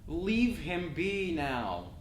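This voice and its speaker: A man's voice: sing-song, drawn-out words, a crowd in the background. A man as guest co-reviewer in a casual chat, enthusiastic and full of trivia. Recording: echoey room with faint rumble.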